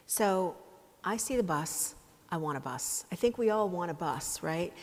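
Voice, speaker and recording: A woman's voice: on the low side, lively intonation, unhurried. A woman moderating a conference fireside chat, putting eager questions and short affirmations to her guest. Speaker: session moderator. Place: conference hall stage. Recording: hall reverb with faint noise.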